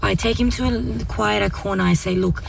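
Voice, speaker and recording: A woman speaking calmly and gently as a parent guest, talking through how she handles her children. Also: mid-range voice, fairly quick, creaky, recorded from a distance, faint music behind, low-quality recording. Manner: calm, gentle, reflective. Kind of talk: casual discussion.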